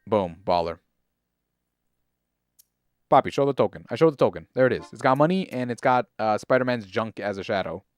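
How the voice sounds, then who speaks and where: A man streaming casually, hyped and joking, swinging from loud cheers to low mutters. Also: lively intonation, brisk, pauses often, no room sound. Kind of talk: casual live-stream pack opening.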